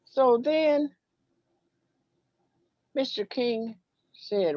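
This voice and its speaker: A woman's voice: high-pitched, drawn-out words, pauses often, no room sound. A woman, telling a personal story and acting out childhood dialogue. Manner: acts out childhood dialogue, sings a playground rhyme. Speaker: minister and storyteller guest. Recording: dull, dry, muffled sound.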